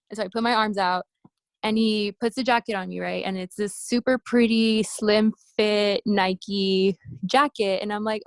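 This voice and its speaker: A woman telling stories from her competition days in a casual interview, acting out quoted voices with animated high-pitched bursts. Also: measured pace, smooth, no room sound. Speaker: interview guest, bikini competitor. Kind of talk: casual storytelling.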